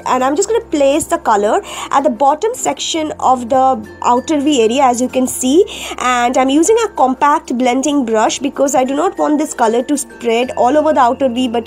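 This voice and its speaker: A high-pitched woman talks through a makeup tutorial as a voice-over, explaining each step in turn. Her voice sounds groggy from a cold, and she often pauses or fills gaps with "uh". Soft music plays faintly behind her. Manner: step-by-step explaining with frequent fillers. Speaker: beauty vlogger.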